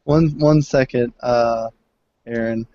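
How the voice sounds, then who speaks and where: A man's voice: mid-range voice, steady tone, slow. A man chatting and joking as a player at a tabletop game. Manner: joking, loose. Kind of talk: casual game chat. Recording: dull lo-fi recording with faint hiss.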